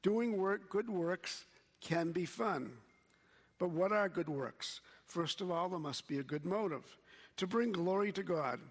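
A man preaching a sermon as pastor, slow and measured, quoting scripture. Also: high-pitched, big-room sound.

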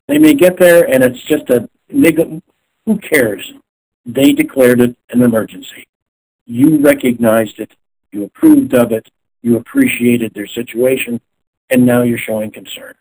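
A man who is a chiropractor, speaking as an interview guest in an animated way and acting out phone scripts. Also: medium pitch, measured pace, vocal fry, breathy edge, rough recording. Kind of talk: conversational interview.

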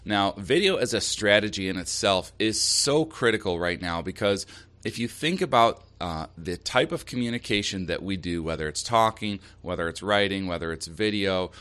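A man's voice: lowish voice, animated, normal speed, a bit bright, smooth. A man hosting a solo marketing podcast, giving upbeat, direct advice with emphasis. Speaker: podcast host.

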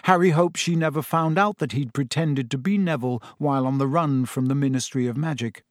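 A man narrating an audiobook in a steady storytelling voice, recorded on a close studio mic. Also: mid-range voice, brisk, dry recording. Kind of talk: scripted narration.

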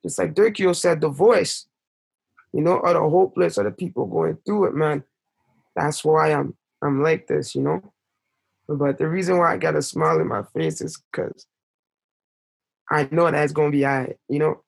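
Young male guest, gravelly and a bit high, impassioned storyteller, rises when upset. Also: lively intonation, normal speed. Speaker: podcast guest. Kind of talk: emotional storytelling in conversation.

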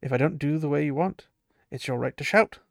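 Guy reading a super formal, bowing servant guy, slightly raised pitch, gravelly. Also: a little fast, dry recording, clean studio sound. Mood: deferential. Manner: formal, deferential. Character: stiff, deferential male servant, overly formal.

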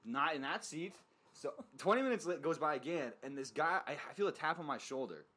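A man's voice: a little high, a little fast. Young man telling a rambling story. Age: young adult. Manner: animated, profane storytelling with lots of fillers. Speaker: podcast co-host. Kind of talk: casual storytelling chat.

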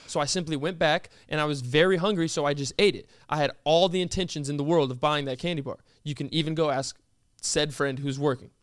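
A young man telling a story in casual chat, animated and incredulous, dropping into a low flat tone when he quotes someone. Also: a little fast, hardly any pauses, no room sound, studio quality.

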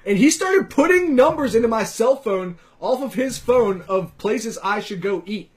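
A man's voice: sits high, animated, normal speed, husky, rough recording. A man from Virginia telling stories in a loose, profane podcast chat, full of fillers. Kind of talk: casual chat.

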